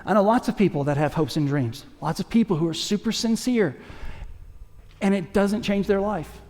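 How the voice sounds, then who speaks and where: Energetic pastor preaching in a reverberant hall. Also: male voice, high voice, normal speed. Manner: conversational, energetic preaching with asides to the congregation. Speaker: lead pastor. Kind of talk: sermon. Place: church sanctuary.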